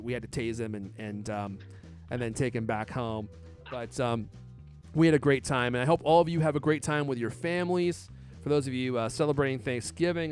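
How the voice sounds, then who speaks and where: A man hosting a podcast in a casual, joking, chatty way. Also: medium pitch. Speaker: podcast host.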